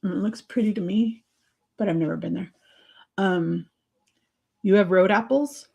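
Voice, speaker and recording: Woman, casual livestream chat, excitable, laughs a lot, answers viewer comments. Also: medium pitch, normal speed, creaky, slightly rough. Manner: chatty and excitable, laughs often. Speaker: livestream host.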